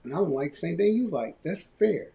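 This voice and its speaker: A man hosting a live podcast, ranting loudly and mockingly. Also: a little high, fairly quick, gravelly. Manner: loud, animated ranting with mocking quoted voices. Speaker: podcast host.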